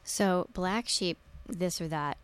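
A woman novelist with a Philadelphia accent, chatting in a radio studio interview with quick, self-deprecating asides. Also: lowish voice, clear, resonant tone. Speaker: novelist guest.

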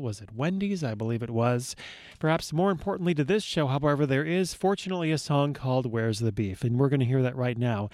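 A man's voice: a little high, a little mellow, no echo. A man hosting a radio show from a studio, introducing records with wry, dry asides.

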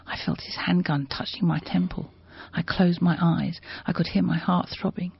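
A woman reads a memoir with measured, expressive delivery. Her voice is husky and slightly low. The sound is close, dry and muffled. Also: in a whisper. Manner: measured, expressive, rising to shouting at climaxes. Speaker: reader of a translated memoir. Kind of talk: dramatic book reading.

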